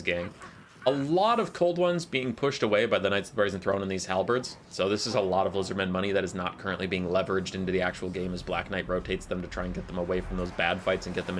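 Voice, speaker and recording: A man casting a live strategy game match, calling the action in quick play-by-play and joking with his chat. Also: low-pitched, a little hiss or hum. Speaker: esports caster.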